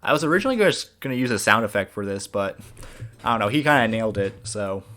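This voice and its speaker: A man, the creator of an animated series, giving a casual, rambling director's commentary with many fillers. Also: fairly low pitch, fast.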